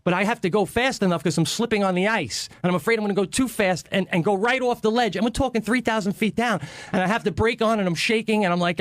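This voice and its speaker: A man telling a story on a talk radio show, fast and animated with lots of swearing, in a radio studio. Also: high-pitched, no room sound. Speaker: guest comedian.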